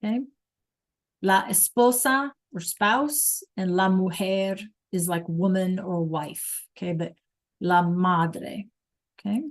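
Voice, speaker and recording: A woman's voice: on the low side, slow. A woman teaching a Spanish class online over a video call, patient and checking in with students often.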